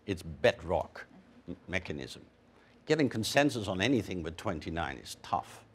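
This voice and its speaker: Man, panelist, lively pitch, measured, emphatic, pauses with fillers. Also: slight background noise. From Canada. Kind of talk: panel discussion.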